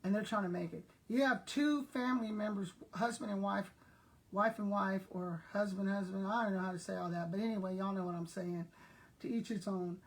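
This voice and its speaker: A woman's voice: mid-range voice, steady tone, fairly quick. An older woman from South Texas talks casually to her viewers, a retired principal who tells rambling everyday stories. Her voice sits in an ordinary middle range and she speaks to the audience directly and familiarly. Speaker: retired school principal vlogger. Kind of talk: casual chat.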